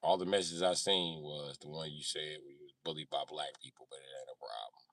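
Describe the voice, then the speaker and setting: A man's voice: very deep voice, fairly even intonation, fairly quick, fairly bright tone, no echo, clean studio sound, recorded from a distance. A man in his thirties hosting a live stream, rambling casually and profanely and answering his chat. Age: 30s. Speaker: livestream host.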